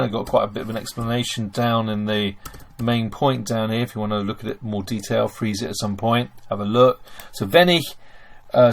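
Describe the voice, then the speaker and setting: A man's voice: on the low side, darkish tone, a little hiss or hum. Man teaching German grammar, typing. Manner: explains step by step, addresses "ladies and gents". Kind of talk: screen-recorded language lesson.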